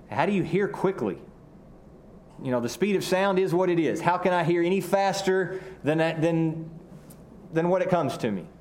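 A man's voice: on the high side, a little mellow, a little hiss or hum. Drawling Southern preacher man. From Arkansas, US South. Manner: earnest, repeats words, slows for emphasis. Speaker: pastor. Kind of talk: sermon.

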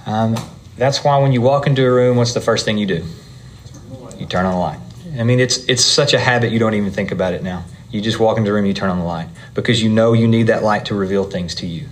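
A man's voice: on the low side, fast. A man preaching to a congregation, explaining scripture in a conversational way with frequent asides. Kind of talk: Bible teaching to a congregation.

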